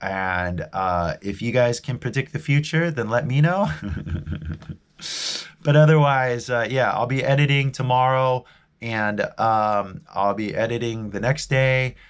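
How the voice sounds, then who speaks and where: A man with a Californian American accent speaks in a loose, rambling live-stream chat at a middle pitch. He often trips over his words and restarts sentences. He addresses his viewers in a friendly, informal way. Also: unhurried, clear, resonant tone. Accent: Californian American English. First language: English. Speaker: language teacher and live streamer.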